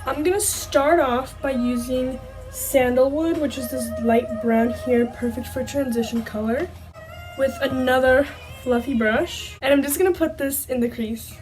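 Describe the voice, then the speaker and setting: A woman's voice: high voice, steady tone, measured pace, a little mellow, rough recording. A young woman chatting casually through a makeup tutorial, a bit self-conscious and giggly. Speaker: beauty vlogger. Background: faint background music.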